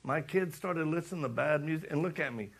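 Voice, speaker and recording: A man's voice: a little high, a little fast, creaky, slightly rough. A man preaching a casual sermon, folksy and joking, acting out the dialogue of the story.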